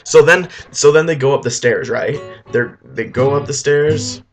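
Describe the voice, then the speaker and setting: Offhand rambling male storyteller, loose comic retelling, soft music under. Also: on the high side, measured pace. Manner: rambling, offhand, with filler restarts.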